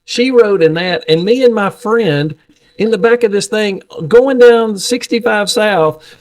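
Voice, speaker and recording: A man's voice: sits high, unhurried. Folksy man spinning stories. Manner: folksy, animated storyteller. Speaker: podcast co-host. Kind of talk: casual chat.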